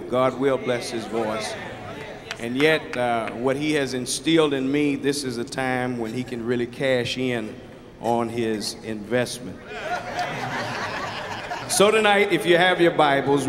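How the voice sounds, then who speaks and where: A middle-aged man preaching a sermon, folksy and humorous, often repeating words as he goes. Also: medium pitch. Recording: reverberant hall.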